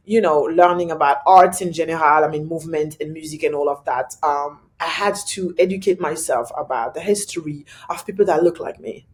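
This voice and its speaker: A woman with a French accent from Belgium, talking as a guest in a casual interview, animated and laughing often. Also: fairly quick, hardly any pauses. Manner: animated, laughs often, pitch jumps when excited.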